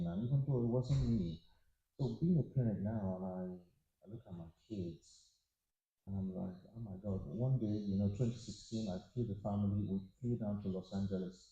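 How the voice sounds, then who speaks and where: A man's voice: deep voice, warm tone. A middle-aged man on a conference panel, sharing personal stories in an emotional, heartfelt way. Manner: emotional, fond of crying, speaks with feeling. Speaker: panel guest. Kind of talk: candid personal storytelling. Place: conference hall at a media summit. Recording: echoey hall sound.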